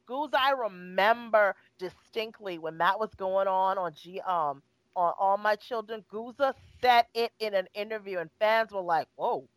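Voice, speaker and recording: A woman's voice: mid-range voice, dry recording, rough recording. A woman co-hosting a casual chat show, exasperated and sarcastic, acting out what others say. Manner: exasperated, sarcastic, acts out quotes. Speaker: podcast co-host.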